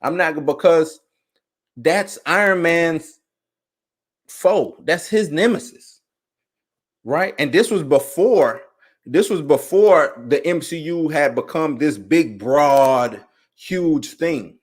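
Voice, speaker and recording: A young adult man hosting a live online show, talking in a relaxed, animated way and often asking "you know what I'm saying?". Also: a little high, takes it slowly. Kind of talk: casual live-stream commentary.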